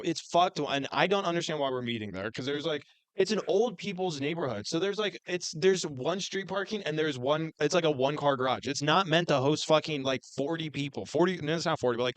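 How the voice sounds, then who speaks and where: Fired-up young man ranting, fairly high voice. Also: no echo. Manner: animated, profane ranting. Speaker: podcast host. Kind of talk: casual storytelling chat.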